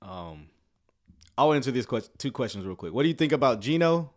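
A man casually commenting on a church video, joking and talking in a relaxed, slangy way. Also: medium pitch, a little fast. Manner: laid-back, joking, Southern US slang like "y'all".

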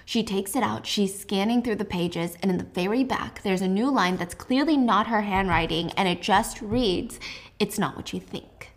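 A young woman hosting a casual book recap, chatty and animated, with lots of "like". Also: mid-range voice, moderate pace, hardly any pauses. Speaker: host.

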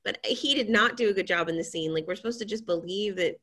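A woman's voice: mid-range voice, quick pace, a bit bright. A woman co-hosting a podcast, chatting bluntly about TV and swearing casually. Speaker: podcast co-host. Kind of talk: casual chat reviewing TV.

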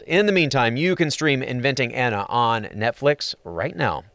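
Lively man hosting a streaming roundup. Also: mid-range voice, normal speed, creaky. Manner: upbeat, playful presenter delivery. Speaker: entertainment show host. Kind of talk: scripted entertainment narration with puns.

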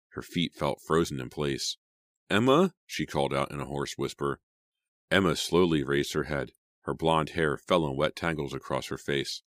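A man with an extremely deep voice narrating a horror audiobook. He builds suspense line by line, and the recording sounds dry and close. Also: fairly bright tone, dry recording. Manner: dramatic, suspenseful storytelling.

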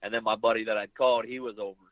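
A young adult man telling a long hunting story in a casual interview, rambling and animated, acting out the things people said to him. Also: fairly low pitch, racing, no room sound. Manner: rambling, animated retelling with quoted dialogue. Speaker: bowhunter guest. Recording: phone-like line, very dry.

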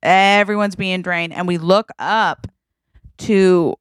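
A woman's voice: fairly low pitch, takes it slowly, clear, resonant tone, no room sound, clean studio sound. A woman co-hosting a podcast, telling an improvised comedic story with lots of gasps and playful energy. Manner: animated, gasping, storytelling. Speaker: podcast co-host. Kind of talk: casual comedic improv chat.

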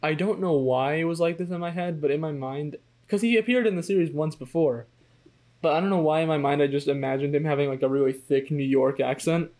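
Playful higher-voiced male co-host. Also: a little mellow. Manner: playful, quick jokes. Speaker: podcast co-host. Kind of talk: casual chat.

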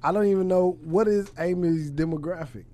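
A man's voice: high voice, a little fast, mellow. A man from Los Angeles hosting a podcast, laid-back and teasing in casual chat. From Los Angeles, USA. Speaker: podcast host.

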